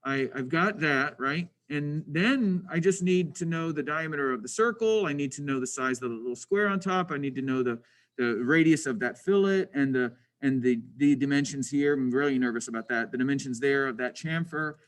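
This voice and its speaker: A man's voice: medium pitch, moderate pace, rough recording. A man teaching a screen-recorded drafting lesson, thinking aloud with lots of restarts, self-questions and grumbling asides. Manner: frustrated, self-deprecating asides.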